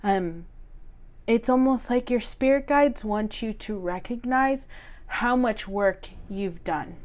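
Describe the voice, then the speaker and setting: Slow, earnest woman reading tarot. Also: medium pitch. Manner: gentle, earnest, many fillers and repeated words. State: choked up, teary. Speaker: tarot reader. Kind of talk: solo tarot reading to camera.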